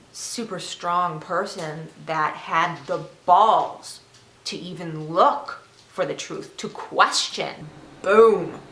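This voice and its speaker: A woman talking earnestly to camera in a casual vlog, getting emphatic and animated as she explains. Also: low-pitched. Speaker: vegan vlogger. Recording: echoey room with faint noise.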